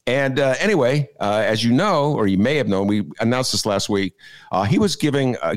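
A man hosting a podcast, chatting in a rambling, jokey way with many filler "uh"s and laughing at his own jokes. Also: mid-range voice. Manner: jokey, digressive, full of filler "uh"s. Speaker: podcast host. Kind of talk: rambling comic chat.

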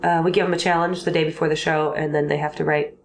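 A woman comedian from the American Midwest chats on a podcast in a slightly low voice. She rambles, giggles often and makes fun of herself. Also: little pitch movement, fast, slight background noise. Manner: giggly, rambling, self-deprecating. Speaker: comedian guest. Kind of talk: casual podcast chat.

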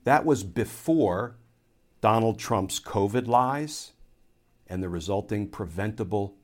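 A man's voice: on the low side, animated, takes it slowly. A man, a former Army lawyer, giving a solo political commentary that explains his argument step by step and poses rhetorical questions.

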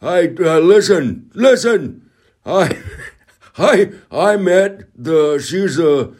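A man's voice: high-pitched, lively intonation, extremely slow, darkish tone, pitched above the performer's own voice, exaggerated voice. A man doing a comic impression of a pompous, greedy older male politician who stammers and keeps repeating "listen". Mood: smug.

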